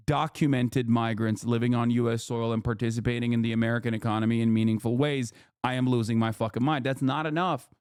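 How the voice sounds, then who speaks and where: A man's voice: mid-range voice, a little mellow, no echo, clean studio sound. A man ranting through political commentary on a live stream, heated and emphatic, with heavy swearing. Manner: emphatic, repeats "okay?".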